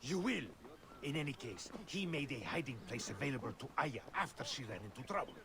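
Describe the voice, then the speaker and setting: A man's voice: medium pitch, very animated, a little fast. An actor playing a secretive young male scholar in hiding, speaking in an earnest, urgent way. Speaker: scholar, Aya's cousin. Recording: reverberant game audio with background noise.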